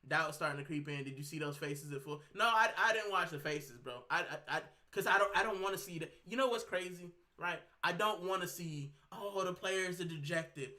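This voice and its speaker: On the high side and animated, his voice is bright and forceful, coming out fairly quickly with few pauses. He hosts a fan channel and is ranting angrily to camera while sick, straining his voice and saying the same things over again.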